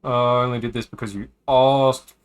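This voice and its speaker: This man's voice is medium-pitched, steady and smooth, moving at a normal speed. He's streaming a visual novel, casually reading its dialogue out loud and pausing for joking asides between lines.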